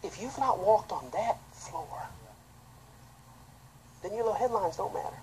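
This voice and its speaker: A man, a pastor, preaching an impassioned sermon that swings between loud outbursts and quiet, low asides. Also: animated, unhurried, a little hiss or hum, rough recording. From United States.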